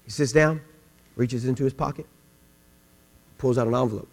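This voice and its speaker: A male pastor preaching a sermon, telling stories and swinging from quiet asides to loud, emphatic questions. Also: mid-range voice, fairly even intonation, normal speed. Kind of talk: sermon with storytelling. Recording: long hall reverb with mains hum.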